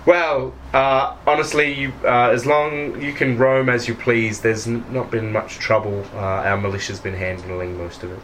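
A man voicing a polite female town mayor who talks in halting, hesitant phrases. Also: mid-range voice, steady tone, background noise, natural voice. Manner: hesitant, filler-heavy.

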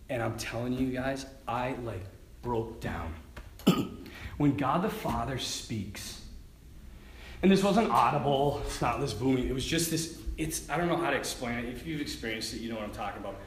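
A man's voice: mid-range voice, moderate pace, echoey room, a little hiss or hum. A man, a priest, telling funny personal stories in a sermon and often laughing as he talks. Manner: animated, laughing storyteller.

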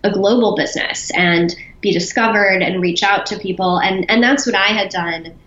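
A woman being interviewed as a business founder, chatty and quick to laugh, with frequent restarts. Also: mid-range voice, a bit bright, roomy sound, dull audio. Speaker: podcast guest, business founder. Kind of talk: casual interview talk.

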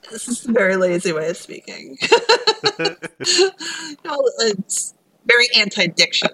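A woman from Philadelphia with a light Philly accent, chatting casually as a podcast co-host, laughing often and filling pauses with um and yeah. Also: mid-range voice, pushed and bright, poor audio. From Philadelphia, USA. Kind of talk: casual chat.

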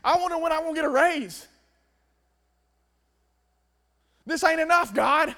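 A man voicing a young woman in a sermon, high and gushing at first, then whiny and complaining. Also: a little fast, bright, forceful tone, long reverb tail, heavily acted.

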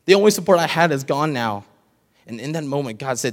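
A young man in his early twenties giving an earnest, emotional personal testimony to a church congregation, pausing now and then with ums. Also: on the high side, lively intonation. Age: young adult. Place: church sanctuary. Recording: long hall reverb in a church.

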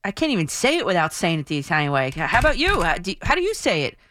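A woman's voice: lowish voice, wildly swooping pitch, very fast, a bit bright, a little hiss or hum. A woman in her thirties hosting a sports talk radio show, chatty and emphatic. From New Jersey. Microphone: studio microphone.

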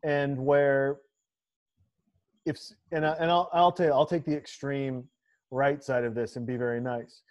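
A man's voice: medium pitch, steady tone, unhurried. A man hosting a casual podcast, talking emphatically with crude jokes and riffs. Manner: emphatic, profane, riffing banter. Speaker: podcast host. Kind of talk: casual chat.

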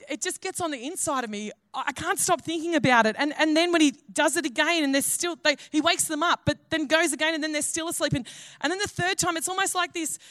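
Woman pastor, high voice, dry close sound, earnest conversational sermon. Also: fairly bright tone, dry recording. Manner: earnest, conversational preaching with restarts.

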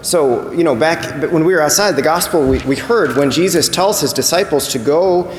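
A man delivers a sermon in a church, chatting more than orating, with frequent restarts and repeated words. His voice sits slightly high and rings in an echoey, reverberant hall with faint ambient noise. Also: moderate pace. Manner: conversational, repeats words, acts out voices in quotes. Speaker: preacher.

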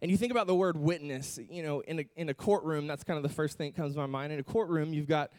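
A man's voice: a little high, fast, a little mellow. A man preaching a sermon in a casual, conversational way, with joking asides to the congregation.

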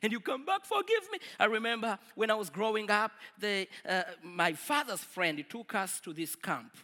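A man preaching a sermon to a congregation, swinging from loud declarations to quiet asides. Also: high-pitched, moderate pace, in a large hall. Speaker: pastor.

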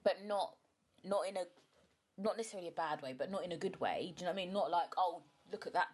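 Casual vlog. Young woman, lowish voice, frank and chatty, a bit emotional. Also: fast, darkish tone, slightly rough. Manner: chatty and frank, swears, many fillers. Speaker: vlogger, mother. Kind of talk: casual chat to camera.

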